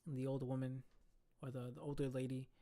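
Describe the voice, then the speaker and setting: A young man casually telling a story, animated and profane, full of slang. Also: mid-range voice, a little fast.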